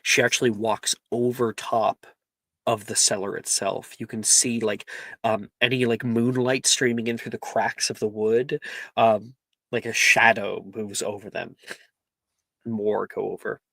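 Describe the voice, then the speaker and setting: A man narrates a tabletop game as its game master, unhurried and peppered with ums and likes. His voice has a gravelly fry and moves at a slow pace. The sound is dry and close. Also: mid-range voice, fairly even intonation, sharp tone, dry recording.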